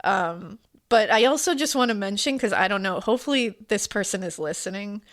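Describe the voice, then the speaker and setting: A woman's voice: mid-range voice, animated, fairly quick, a bit bright. Woman in her 40s, podcast cohost, chatty and teary, lots of likes and um and restarts. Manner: emotional, rambling with many fillers and restarts. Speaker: podcast co-host. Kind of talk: casual podcast chat.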